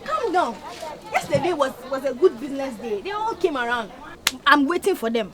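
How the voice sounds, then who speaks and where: A lively, soothing secretary. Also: female voice, sits high, normal speed. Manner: soothing, repeatedly urging calm. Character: patient woman, the household secretary.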